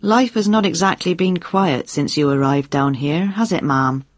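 A woman's voice: sits low, expressive, moderate pace, no room sound, studio quality. A woman voicing an easygoing young male police sergeant in a story reading, with a put-on Texan accent. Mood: dry.

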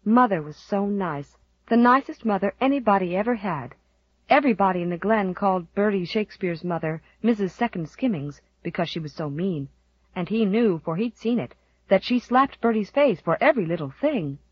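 A woman reads a novel aloud in a gentle, even storytelling manner. Her voice is breathy, and the recording is dull and dry, with a lo-fi quality. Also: mid-range voice, moderate pace, no echo. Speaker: audiobook narrator. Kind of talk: scripted narration.

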